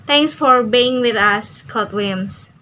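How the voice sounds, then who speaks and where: Slow, bright-voiced young woman. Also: on the high side, a little hiss or hum, low-quality recording. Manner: careful reading with small slips and restarts. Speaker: student. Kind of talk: reading an interview transcript aloud.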